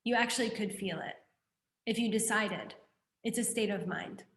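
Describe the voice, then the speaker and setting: A woman teaching a class, explaining a Buddhist text in a lively, conversational way and putting questions to her students. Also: mid-range voice, normal speed, roomy sound, a little hiss or hum.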